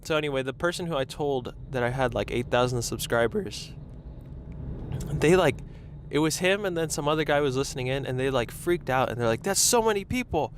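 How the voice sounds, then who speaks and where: A young man talks to himself on a lapel mic while driving. His chat rambles and turns self-conscious, at a middle pitch. Faint road and traffic noise hums under him. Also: a little fast. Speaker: podcast host. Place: in a car in traffic.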